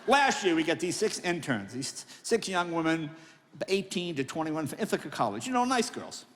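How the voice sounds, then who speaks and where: Older stand-up man, sixties, high lively voice, long hall reverb, plays out the characters. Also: normal speed, slight background noise. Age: 60s. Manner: animated, acts out voices of family and others. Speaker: comedian. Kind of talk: stand-up storytelling speech. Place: large hall on stage.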